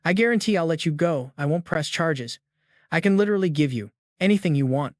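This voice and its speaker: A man's voice: on the high side, expressive, a little fast, no echo, clean studio sound, lightly acted. A man voicing a cowardly, arrogant fat man who begs and pleads in panic. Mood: begging. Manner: begging, pleading desperately. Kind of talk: recap narration with read-out dialogue.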